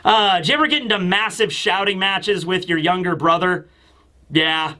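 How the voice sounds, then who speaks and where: A man talking casually as a manga reviewer, excitable, acting out the characters' quotes. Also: sits high, moderate pace. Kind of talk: casual chat.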